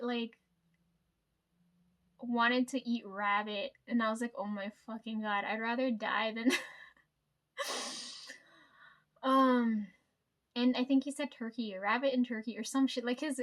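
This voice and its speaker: A woman's voice: a little high, fairly even intonation, measured pace. A woman chatting casually, telling work stories with lots of fillers, swearing and laughs. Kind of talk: casual storytime chat.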